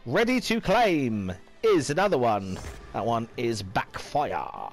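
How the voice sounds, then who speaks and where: Northern English male gamer host, slow, chatty, lively swoops in pitch, faint music behind. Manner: chatty, playful, exclaims and sings little phrases. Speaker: gaming video host. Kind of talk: casual gameplay commentary.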